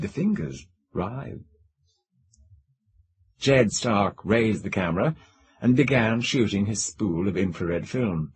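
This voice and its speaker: A man narrating a science fiction audiobook in a low voice. His reading is dramatic and expressive, with wide swings of pitch. Lists and descriptions roll out with emphasis. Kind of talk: scripted narration.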